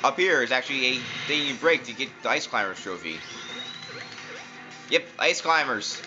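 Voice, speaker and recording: Man, casual gameplay commentary, jokey, lively swings in pitch, muffled lo-fi recording, game music loud behind. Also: moderate pace. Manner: excitable, jokey, talks to the game characters. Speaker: let's play commentator.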